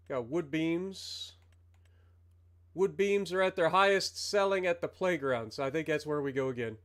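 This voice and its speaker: A man streaming a farming game, chatting casually with viewers while he plays. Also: a little high. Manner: chatty, rambling, talks to chat while playing. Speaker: livestreamer. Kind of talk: casual gameplay commentary.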